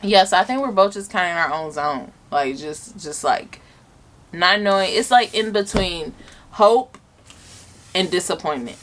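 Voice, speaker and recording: A woman's voice: on the low side, a little slow, a bit bright, a little hiss or hum. A young woman vlogger telling a personal story in a casual, chatty way, earnest and emotional, filling her talk with "like". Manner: chatty, filler-heavy with lots of "like". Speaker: vlogger and mother.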